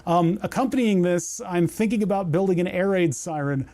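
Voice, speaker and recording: A man chats casually on a livestream, thinking aloud in a rambling, self-deprecating way. His voice sits a bit high for a man, and the sound is close and dry. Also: lively intonation, a little fast, hardly any pauses, warm tone, dry recording. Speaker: livestream host. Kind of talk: casual livestream chat while repairing.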